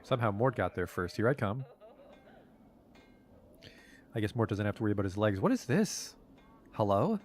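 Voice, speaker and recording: A man's voice: on the low side, sing-song, fast talker, a little hiss or hum. A man streaming a video game, commenting sarcastically and swearing casually. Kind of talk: let's play commentary. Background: faint game music.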